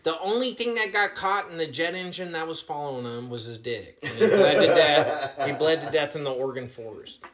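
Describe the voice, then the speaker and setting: A man's voice: on the high side, lively intonation, normal speed, hardly any pauses, a crowd in the background. A man co-hosting a podcast in casual chat, boastful and teasing, laughing often. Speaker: podcast co-host.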